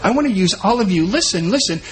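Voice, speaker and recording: A man preaching a sermon in an animated way, acting out the voices of the people he quotes. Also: sits high, fast, a little hiss or hum. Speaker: pastor.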